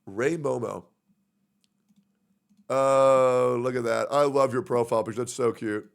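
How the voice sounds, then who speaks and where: A man's voice: medium pitch, fairly even intonation, a little slow, vocal fry. A man livestreaming, ranting in a profane, sarcastic way. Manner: profane, sarcastic, acts out mocking impressions. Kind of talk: livestream rant.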